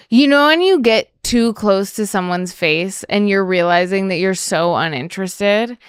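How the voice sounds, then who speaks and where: A woman chatting as a podcast guest during a party game, giggly and swearing freely, jumping to excited squeals. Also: mid-range voice, takes it slowly, pauses often, clean tone, no room sound, clean studio sound. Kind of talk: casual chat, party game.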